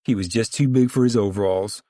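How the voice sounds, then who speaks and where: A man's voice: on the low side, brisk, warm tone, dry recording, clean studio sound, natural voice. A man reading aloud and voicing a stern, weary mother of a poor farm family, scolding in a rural drawl.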